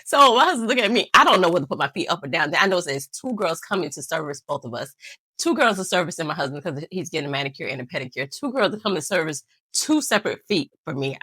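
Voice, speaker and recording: A woman's voice: sits low, sing-song, fast talker, bright, forceful tone, slightly rough, dry recording. A woman vlogger telling a rambling, self-mocking story to camera, laughing often. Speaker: nail channel vlogger.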